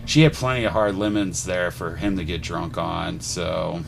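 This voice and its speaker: A man's voice: low voice, steady tone, creaky, a little hiss or hum. A man co-hosting a casual comedy podcast, laughing often and swearing freely. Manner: slow, laughing often, profane. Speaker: podcast co-host.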